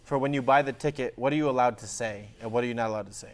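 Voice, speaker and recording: A man's voice: mid-range voice, very fast. A man co-hosting a casual sports podcast, telling profane, joking stories. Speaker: podcast co-host.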